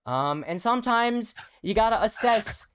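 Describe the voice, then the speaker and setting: A man's voice: sits high, animated, unhurried, fairly bright tone, slight background noise. A young man co-hosting a casual livestream, joking and rambling with lots of fillers. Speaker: co-host.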